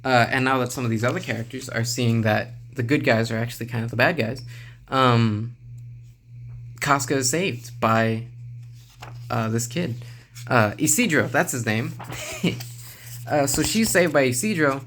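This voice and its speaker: A man's voice: mid-range voice, measured pace, pauses often. Chill guy talking through a manga review, lots of uh's, medium voice, faint hum behind. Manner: relaxed, rambling, many "uh" fillers, chuckles to himself. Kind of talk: casual video review.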